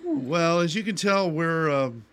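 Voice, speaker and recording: A man's voice: on the high side, very animated, slow, fairly bright tone, slight background noise. A man co-hosting a radio show in a casual, rambling chat, joking often and restarting his sentences. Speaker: radio co-host.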